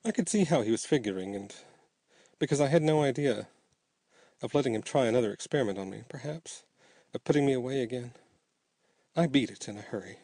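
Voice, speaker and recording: A man's voice: medium pitch, expressive, fairly quick, warm tone, dry recording. A man voicing a gaunt, sardonic man who was brought back from the dead and now lives as a walking skeleton. He speaks in a dry, offhand and mocking way.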